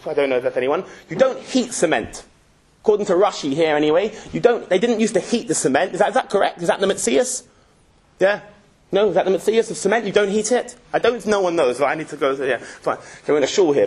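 A man teaching a Talmud class in a synagogue, telling the story in a joking, lively way. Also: fairly high pitch, husky. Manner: jokey, lively storytelling with Yiddish-Hebrew terms. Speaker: Torah teacher.

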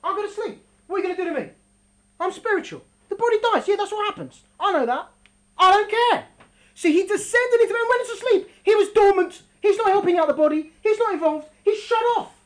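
A woman gives an animated religious talk and acts out the characters as she tells the story. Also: extremely high pitch, fairly quick, low-quality recording. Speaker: religious teacher.

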